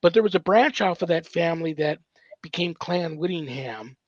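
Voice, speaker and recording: A man's voice: a little high, animated, moderate pace, no echo. A man hosting a casual podcast interview, talking in a rambling, chatty way with many fillers. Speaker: podcast host. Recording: dull, dry podcast recording.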